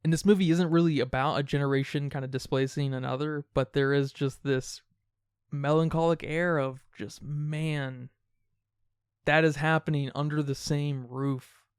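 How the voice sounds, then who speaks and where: A man co-hosting a podcast, talking casually about a film in quick, animated bursts. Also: fairly high pitch, smooth, no room sound, clean studio sound. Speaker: podcast co-host.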